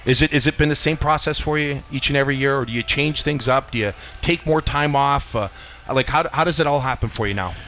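A man co-hosting sports radio, talking in a quick, joking way and repeating words as he restarts. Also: mid-range voice, pushed and bright. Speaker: radio co-host.

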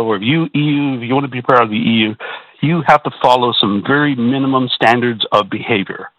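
A worked-up male caller who stumbles over repeated words as he speaks. His voice is bright and forceful. The sound is dry and close. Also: mid-range voice, no room sound, poor audio. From Canada. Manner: agitated, repetitive, stammering restarts. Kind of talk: call-in radio talk.

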